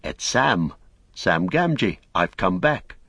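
A man's voice: deep voice, big pitch swings, slow, pushed and bright, husky, no echo, clean studio sound, full character voice. A man voicing a plain-spoken, earnest young male hobbit with homely speech, in a storybook reading.

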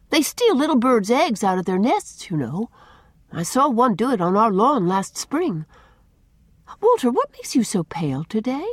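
A woman's voice: fairly high pitch, dry recording, studio quality, pitched above the performer's own voice. A woman voicing a bold, self-assured young girl with a lofty, airy, matter-of-fact manner.

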